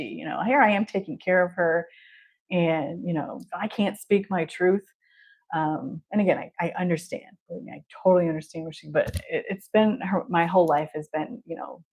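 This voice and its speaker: A woman's voice: lowish voice, vocal fry, darkish tone. A woman therapist hosting a podcast, telling a candid personal story in an open, chatty way and laughing often between phrases.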